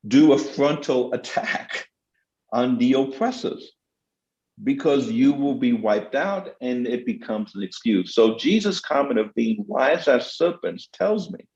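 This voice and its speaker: A man's voice: medium pitch, lively intonation, measured pace, a little mellow, echoey room, dull audio. A middle-aged man, a theologian answering questions in a panel talk, speaking with passion and emphasis.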